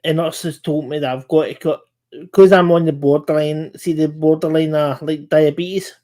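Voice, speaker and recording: A man's voice: fairly high pitch, steady tone, normal speed, warm tone. A British man hosting a casual chat, eager to jump in with his own comments and tips. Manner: chatty, eager interjections. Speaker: host.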